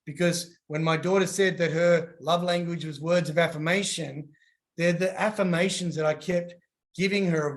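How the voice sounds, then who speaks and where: A man's voice: high voice, moderate pace. A man giving casual coaching advice and acting out little voices as he tells stories. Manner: animated, acts out voices in his stories.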